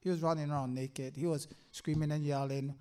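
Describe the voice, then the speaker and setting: An older man giving a personal faith testimony, halting and earnest, with many fillers. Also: on the high side, steady tone, dark tone, smooth. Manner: halting, earnest, full of "you know" fillers.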